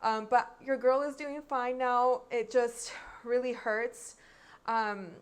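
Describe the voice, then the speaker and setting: A young Mexican American woman talks straight to her viewers in a casual home vlog, her voice a little on the high side. She chats freely and slips between English and Spanish mid-sentence. The sound is close and intimate, like a phone propped up nearby. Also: fairly even intonation, slow, clear, resonant tone. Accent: Mexican American, switching into Mexican Spanish. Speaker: makeup vlogger.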